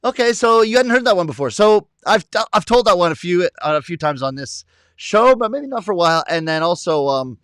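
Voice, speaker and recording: A man's voice: high-pitched, animated, brisk, fairly bright tone, clear, resonant tone, dry recording, clean studio sound. A middle-aged Canadian man hosting a casual livestream, reading viewer comments aloud with easy laughs. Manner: chatty, reads comments aloud, self-deprecating laughs. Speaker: livestream host reading chat. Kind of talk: casual chat.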